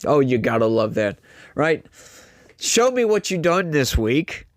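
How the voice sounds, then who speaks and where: A man's voice: mid-range voice, sing-song, a little slow, dry recording. A man doing mocking political reaction commentary, laughing often.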